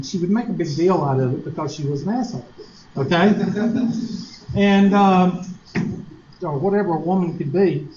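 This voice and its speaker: A man's voice: fairly high pitch, a little mellow, a little hiss or hum. A man with a Southern US accent, a teacher telling a folksy, joking story to his class. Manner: folksy, joking, mocks nasal voices. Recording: echoey lo-fi classroom recording.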